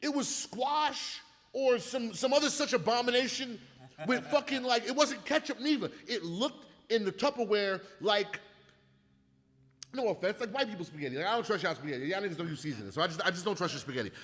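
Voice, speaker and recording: Animated, profane man in a reverberant hall. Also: high voice, quick pace. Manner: animated, profane, storytelling with acted-out quotes. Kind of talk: casual comedic chat.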